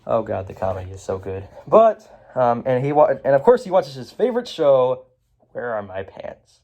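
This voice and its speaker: A man talks through a movie in a loose, rambling review, full of fillers and restarts. His pitch swings about a lot as he recaps scenes. He chuckles at the jokes as he goes. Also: very animated, brisk, a little mellow, muffled recording. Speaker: film reviewer.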